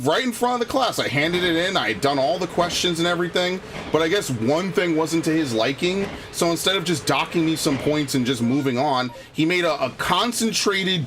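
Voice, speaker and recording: A man's voice: a little high, fairly bright tone, a little hiss or hum. Profane, heated male gaming streamer. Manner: profane, heated storytelling with frequent restarts. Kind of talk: casual gameplay commentary and ranting.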